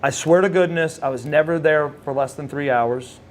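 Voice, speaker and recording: There's slight background noise as a middle-aged former wrestler, interviewed as a guest, rambles through casual stories with many fillers and restarts. He talks at a moderate pace in a voice that's a little high.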